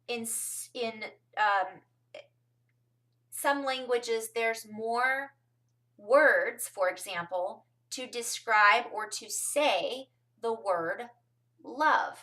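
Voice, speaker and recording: A woman's voice: on the high side, a bit bright, distant mic. A woman from California rambling through a casual spiritual talk to her viewers, with frequent ums and asides. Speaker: spiritual vlogger.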